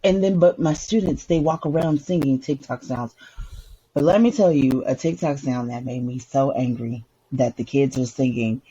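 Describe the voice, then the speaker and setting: A woman co-hosting a podcast in casual chat, an animated storyteller who laughs often and breaks into song. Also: extremely low pitch, moderate pace, slightly rough, highs cut off. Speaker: podcast co-host.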